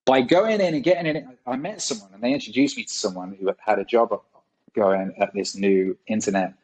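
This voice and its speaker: A man's voice: on the low side, a little fast, darkish tone, poor audio. A man in his forties, a guest on a podcast, telling rambling stories in a casual way and swearing often. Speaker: guest musician. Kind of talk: casual storytelling.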